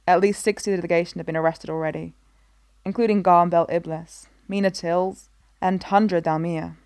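A somber, weary senator delivers hard news in a measured, heavy tone, as a woman reader voices him. The voice sits fairly low and the sound is close and dry. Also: a little mellow, dry recording, natural voice. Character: grave, weary man, a senator and husband.

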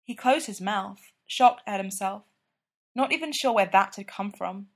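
A woman's voice: medium pitch, measured pace. Woman reading fiction aloud. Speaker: reader.

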